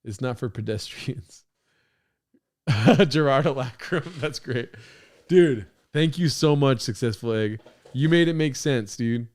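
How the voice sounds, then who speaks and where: A man hosting a podcast, reacting to stream clips in casual, excitable, profane talk, laughing often. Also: medium pitch, a little slow.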